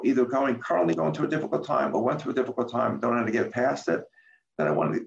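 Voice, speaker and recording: Older man, gravelly voice, halting candid talk, roomy dull recording. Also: mid-range voice. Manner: halting, repeats words, retells quotes in a lively voice. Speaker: guest, author and former medical center president.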